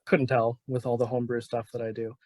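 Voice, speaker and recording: A man's voice: medium pitch, flat delivery, quick pace, noisy background. A man in the role of game master, narrating a tabletop game in a casual, laid-back way with plenty of fillers.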